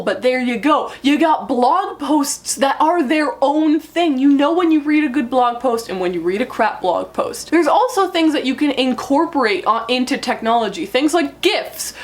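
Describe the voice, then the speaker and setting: Excitable high-voiced young woman vlogger. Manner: excitable, animated, chatty. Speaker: book vlogger. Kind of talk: casual talk to camera. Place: room with bookshelves, indoors.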